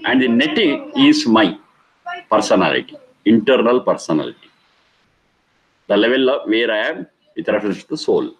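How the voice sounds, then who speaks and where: A man's voice: lowish voice, big pitch swings, normal speed, pauses often, poor audio. A middle-aged man giving a spiritual discourse, stressing and repeating key words and explaining Sanskrit terms. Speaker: Vedic teacher.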